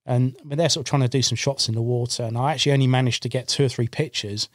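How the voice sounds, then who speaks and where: A man, a podcast guest and angler, telling a long fishing story in a casual, animated way and voicing his own past remarks, recorded on a studio microphone. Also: mid-range voice, fast talker, dry recording.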